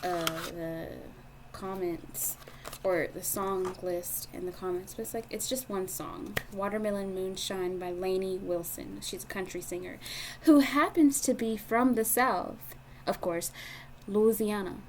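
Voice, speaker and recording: With a medium-pitched voice at a measured pace, a woman reads tarot cards at an indoor table as background noise carries on. She is giggly and effusive, emotional, and curses without restraint in this casual monologue.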